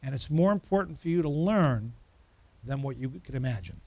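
A man's voice: medium pitch, lively intonation, moderate pace, dark tone, dry recording. A man preaching an interactive sermon in church, asking the congregation questions and building to emphatic repetition. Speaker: pastor.

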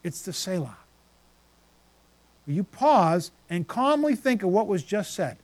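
A man's voice: high voice, big pitch swings, takes it slowly. A man preaching a sermon, reading scripture passages aloud and then stopping to reflect on them.

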